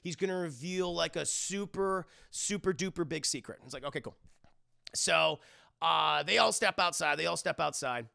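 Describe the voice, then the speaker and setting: Brief: excitable, foul-mouthed male streamer reviewing a film, high, sharp voice. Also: normal speed, gravelly. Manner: excitable, profane, retells scenes animatedly. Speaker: movie reviewer and live streamer. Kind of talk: casual live-stream movie review.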